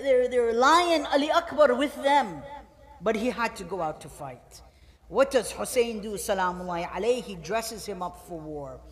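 A preacher giving a mourning sermon, impassioned and swelling into chanted shouts of lament, weaving Arabic phrases into the telling. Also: medium pitch. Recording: long hall reverb.

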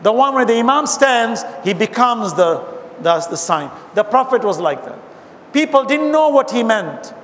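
A man's voice: extremely high pitch, very animated, normal speed, a bit bright. A man giving an impassioned religious talk to a gathering, reciting Arabic verses between his explanations. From abroad, now living in America. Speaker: Islamic speaker. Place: hall with an audience. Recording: hall reverb, faint noise.

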